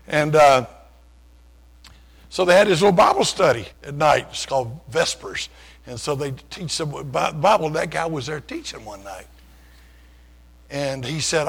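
An older man preaches a sermon built around his own testimony, telling his story in a folksy, self-deprecating, conversational manner. His voice is fairly high, gravelly and husky, with a fairly bright tone, and he speaks expressively at a moderate pace.

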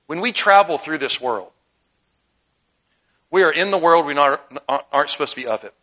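A male pastor preaches in a bright, forceful voice pitched a little high. He mixes scripture readings with humorous, animated asides and frequent laughter. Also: normal speed. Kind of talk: sermon.

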